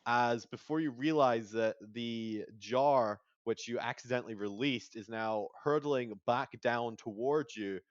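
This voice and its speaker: A man's voice: medium pitch, unhurried, hardly any pauses, dry recording. A man running a tabletop game as game master, narrating with many fillers. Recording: dry, dull lo-fi sound.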